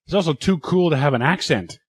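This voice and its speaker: A man's voice: fairly high pitch, animated, brisk, husky, no room sound. A man co-hosting a casual movie podcast, making dry sarcastic quips. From Canada. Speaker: podcast co-host.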